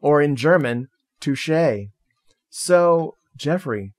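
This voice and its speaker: A man at an ordinary pitch co-hosts a loose, casual film chat. He is jokey and laughs often, and he tosses in swear words as he goes. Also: unhurried. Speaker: podcast co-host.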